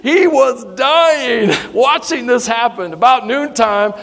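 A male pastor with a high voice gives an animated, joking sermon and teases his congregation. His voice carries through a church hall with a long, lingering reverb. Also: slow. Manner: animated, humorous, teasing the audience.

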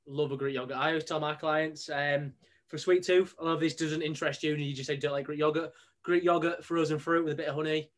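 A man's voice: fairly high pitch, steady tone, quick pace. A man from northern England, a podcast host and personal trainer, bantering in a joking, opinionated way. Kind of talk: casual podcast chat.

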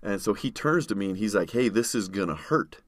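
A man's voice: lowish voice, expressive, fairly quick. A man, a podcast guest, vividly telling a survival story in conversation. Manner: vivid storyteller, acts out others' shouting.

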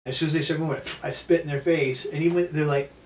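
A man's voice: on the high side, quick pace, slight background noise. A man from New telling stories as a martial arts instructor in a casual interview, often acting out quotes in his stories. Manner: animated storyteller acting out quotes. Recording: echoey room, mic at a distance.

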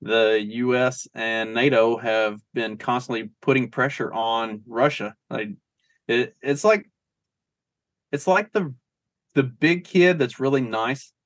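Man, mid pitch, earnest, repetitive explaining, casual chat, dry sound. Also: takes it slowly, no echo. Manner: earnest, explains with repeated phrases and analogies.

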